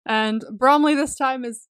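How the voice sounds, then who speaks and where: Excitable woman recapping a movie. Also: high-pitched, smooth, no echo, studio quality. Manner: enthusiastic, swears casually, laughs often. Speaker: podcast co-host. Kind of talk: casual movie recap chat.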